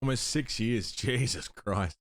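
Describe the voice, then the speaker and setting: A man's voice: mid-range voice, measured pace. A man streaming a puzzle game, thinking aloud, muttering guesses and swearing now and then. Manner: bursts of excited chat greeting viewers. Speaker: livestreamer playing a puzzle game. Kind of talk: live gameplay commentary.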